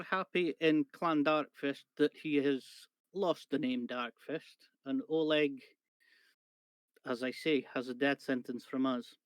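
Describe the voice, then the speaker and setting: A man's voice: mid-range voice, steady tone, takes it slowly, smooth, no room sound. A man with a British accent playing his character in a tabletop game, chatting casually in character. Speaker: player.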